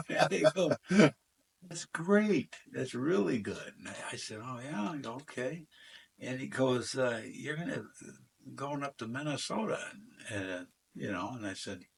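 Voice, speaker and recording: A man's voice: mid-range voice, gravelly, husky. An older man, a former football player, telling rambling stories in a casual interview and acting out the voices of the people in them. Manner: rambling anecdotes, acts out quoted dialogue, frequent fillers.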